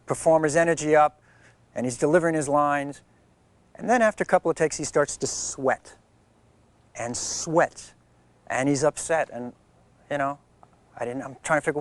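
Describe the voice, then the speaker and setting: A man in an interview telling an animated anecdote about a film set. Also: mid-range voice, no room sound. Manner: animated storyteller.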